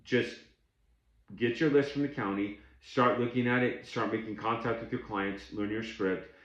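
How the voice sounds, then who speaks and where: A man's voice: lowish voice, steady tone, normal speed, fairly bright tone, roomy sound, dull audio. A man coaching beginners in a casual, blunt and plainspoken way, often restarting his sentences. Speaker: tax overage business coach. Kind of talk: casual instructional talk to camera.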